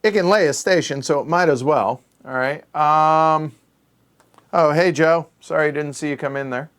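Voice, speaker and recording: A man's voice: fairly high pitch, normal speed, fairly bright tone. A man hosting a solo board game play-through, thinking aloud and muttering counts under his breath as he works out each move.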